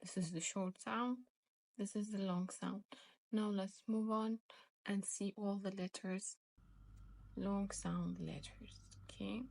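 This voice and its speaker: A woman's voice: medium pitch, steady tone, slow pace, vocal fry, darkish tone, no echo. A woman teaching beginners to read, explaining step by step and repeating each sound twice. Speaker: Arabic teacher. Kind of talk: slow step-by-step reading lesson.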